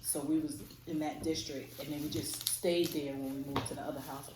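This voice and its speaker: A woman's voice: sits low, flat delivery, fairly quick. A woman in her thirties casually telling a story, acting out quotes and laughing often. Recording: echoey room with faint noise.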